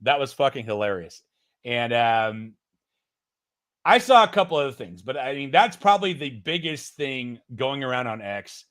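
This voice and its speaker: Animated, bright-voiced man streaming commentary. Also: medium pitch, normal speed. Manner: excitable, swearing, laughing, animated. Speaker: host of a political news stream. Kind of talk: casual live-stream commentary. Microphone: streaming setup mic.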